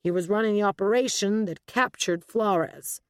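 A woman's voice: mid-range voice, normal speed, dry recording, studio quality, voice pushed up, natural voice. A woman voicing a large, crew-cut male agent who speaks in a brusque, commanding way.

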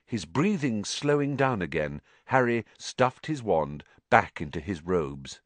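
Expressive low-voiced male storyteller. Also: unhurried, dry recording. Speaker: audiobook narrator. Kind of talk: scripted storybook narration.

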